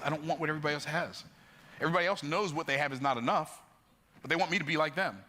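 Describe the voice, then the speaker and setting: A man telling life stories in an emphatic, preacher-like motivational talk, building up and jumping into sudden high bursts. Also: animated, racing, bright, forceful tone. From United States. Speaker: motivational speaker.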